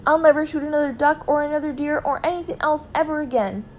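A woman's voice: on the high side, moderate pace, slight background noise, lightly acted. Woman doing a pleading, raised-voice storybook father. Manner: pleading, eager. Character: frightened pleading middle-aged man, later cheerful.

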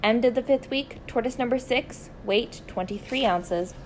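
A woman reading a children's story aloud, expressive and deliberate, slowing down for emphasis. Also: on the high side, slight background noise, rough recording.

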